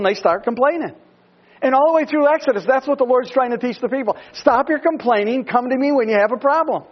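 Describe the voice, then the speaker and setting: High-voiced preacher, muffled recording. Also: male voice. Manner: rises from quiet explanation to emphatic questioning. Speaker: pastor. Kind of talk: sermon.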